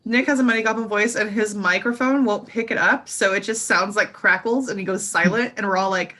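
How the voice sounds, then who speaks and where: A woman's voice: medium pitch, steady tone, brisk, sharp tone. A woman with a mid-range voice chats casually as a player in an online tabletop game. She talks freely and giggles often between remarks. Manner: chatty and giggly. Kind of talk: casual actual-play game chat.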